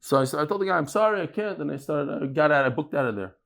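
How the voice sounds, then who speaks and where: Animated man teaching Talmud. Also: on the high side, rapid-fire, vocal fry. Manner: animated storytelling, mixing English with Hebrew and Yiddish terms. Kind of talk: lively Talmud class lecture.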